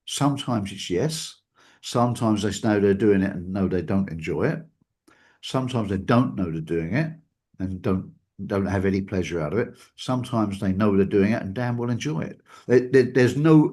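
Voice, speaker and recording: A man's voice: fairly low pitch, moderate pace, a little mellow. A man talking reflectively about abusive behavior, hedging his points and repeating words for emphasis. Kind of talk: reflective casual talk.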